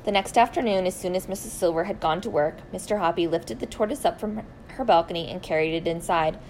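A woman reading a children's story aloud, expressive and deliberate, slowing down for emphasis. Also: fairly low pitch, slight background noise, poor audio.

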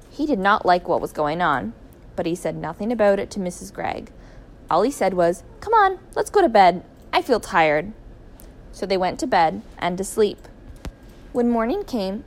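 A woman narrating a children's story in a clear, even, expressive reading voice. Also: medium pitch, slight background noise. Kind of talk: children's story read aloud.

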